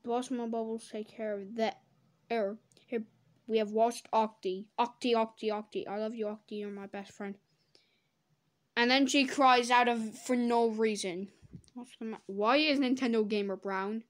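A woman doing comedic reaction commentary, sarcastic and swearing, breaking into loud silly voices. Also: a little high, steady tone, moderate pace. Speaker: commentator reacting to fan drawings.

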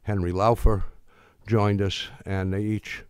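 An older man giving a speech, telling wry stories in a halting way with many restarts and fillers. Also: fairly low pitch, flat delivery, a little mellow, smooth, no echo, clean studio sound. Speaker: speaker. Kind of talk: anecdotal speech.

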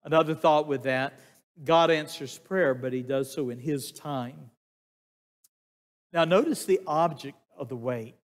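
Older male pastor preaching, a touch high-voiced, slow emphatic delivery, long church reverb. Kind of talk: sermon. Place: church sanctuary.

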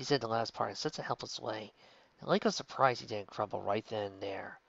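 A man reading a fan fiction story aloud in steady, soft-spoken narration. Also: lowish voice, a little fast, creaky, slightly rough, no room sound, lo-fi sound. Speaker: story reader.

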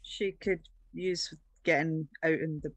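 A woman's voice: low voice, steady tone, measured pace, no echo. A woman chatting as a player in a tabletop role-play, wry and laid-back. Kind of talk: tabletop game chat.

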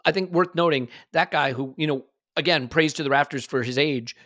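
A man's voice: on the high side, fairly quick, a bit bright, dry recording, clean studio sound. A man hosting a football podcast, giving worked-up opinions in casual chat. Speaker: podcast host.

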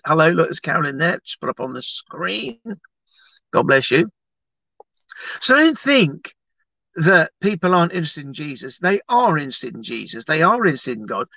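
A man's voice: on the high side, creaky, no echo, muffled recording. A man, talking casually and animatedly as an evangelist, teaching and praying on a livestream with many restarts. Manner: animated, chatty, rambling with restarts.

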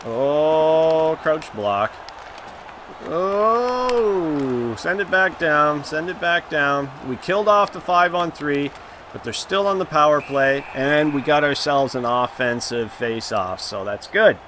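A slow-talking man with a bright, slightly high voice reacts out loud to his own gameplay. He groans and exclaims at each play. A faint hum of noise sits under his voice. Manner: excitable, groaning and exclaiming at plays. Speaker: gaming YouTuber. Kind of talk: live gameplay commentary.

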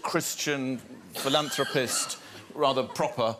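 A man's voice: medium pitch, fairly even intonation, slow pace, noisy background. A man guest on a talk show, telling a dry, self-deprecating story. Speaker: guest actor.

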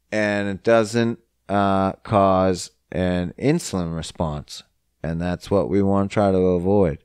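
A man's voice: fairly low pitch, darkish tone, clean tone, no room sound, clean studio sound. A man hosting a casual solo podcast, rambling and swearing constantly. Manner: profane, rambling, heavy swearing. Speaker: podcast host.

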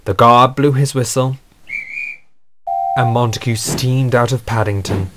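A man's voice: medium pitch, steady tone, measured pace, background noise. Earnest male storybook narrator.

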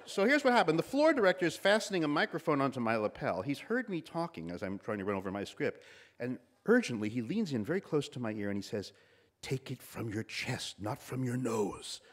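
A fast-talking man in his sixties gives a commencement address, his mid-range voice very animated and a little nasal. He spins stories and acts out the voices of the people he's quoting.

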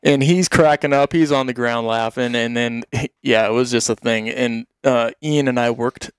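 A man's voice: medium pitch, steady tone, moderate pace, clear, resonant tone, no room sound, studio quality. A man telling hunting stories in a casual chat, rambling, laughing often and acting out what people said.

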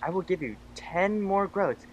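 This is a nerdy schoolboy, as a young man puts him on, fussy and high-pitched, who later turns into a New York Jersey greaser. It comes from an old sketch video played back with noisy crowd sound behind it. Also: animated, a little slow, muffled recording. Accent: New York Jersey greaser put-on. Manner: fussy put-on nerd voice, then tough greaser voice. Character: nerdy male schoolboy with a nasal nerd voice.

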